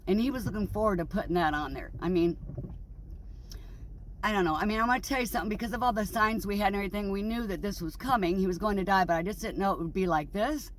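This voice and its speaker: A woman's voice: medium pitch, a little hiss or hum. A middle-aged woman in a casual vlog monologue, grieving and angry, rambling bluntly and swearing freely. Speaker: vlogger.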